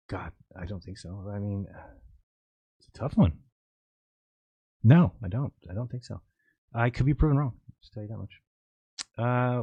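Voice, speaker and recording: Guy on a live stream reading chat out loud, rambly and offhand, dark mellow voice, dry sound. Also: medium pitch, fairly quick, long pauses, no room sound. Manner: offhand, rambling, reads chat questions aloud and answers.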